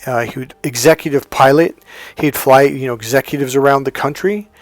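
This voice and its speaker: A man's voice: brisk, dry recording. A man, a dating coach talking casually and bluntly, telling a story and acting out the other people's lines in a raised voice. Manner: animated, acts out both sides of dialogues in higher voices; blunt, crude language.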